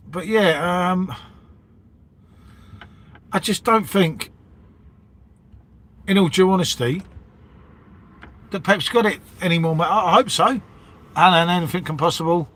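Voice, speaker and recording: Rambling bloke saying mate. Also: male voice, sits high, measured pace, long pauses, fairly bright tone. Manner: matey, rambling, says "mate" and "innit" constantly. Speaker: livestream host chatting with viewers. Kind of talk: casual live-stream chat.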